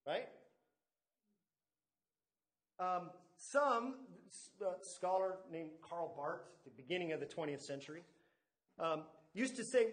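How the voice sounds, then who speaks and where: Male pastor, high voice, sermon in an echoey church hall, stresses key words. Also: expressive, a little slow. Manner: teaching with stress on key words and asides to the congregation. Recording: echoey room.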